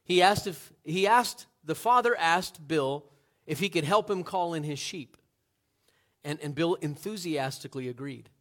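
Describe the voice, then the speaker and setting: An earnest male pastor delivering a sermon to his congregation. He builds to emphatic peaks and asks rhetorical questions, in a slightly high voice. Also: expressive, measured pace, fairly bright tone.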